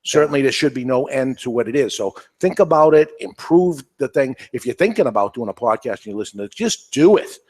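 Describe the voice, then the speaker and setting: A man's voice: medium pitch, fast, hardly any pauses. A man with a New England accent, hosting a cigar podcast in casual panel chat, rambling and emphatic, repeating himself.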